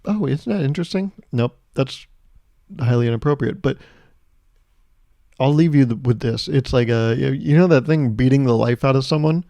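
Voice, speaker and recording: This is a solo comedic podcast monologue: the host, a man with a medium-pitched, warm voice with vocal fry, rants at a moderate pace, swearing, joking, sarcastic, and often cracking himself up. There's no room sound.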